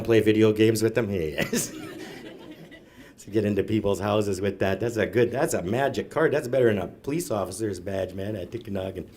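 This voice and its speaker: A man's voice: lowish voice, darkish tone. A middle-aged man doing stand-up storytelling, rambling and self-mocking, tagging "eh" onto his lines. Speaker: comedian. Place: live event room.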